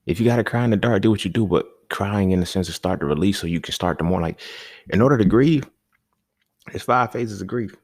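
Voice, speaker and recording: A man's voice: low-pitched, quick pace, hardly any pauses, no room sound, clean studio sound. A man hosting a podcast, talking in a casual, emphatic monologue full of slang and repeated points. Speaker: podcast host.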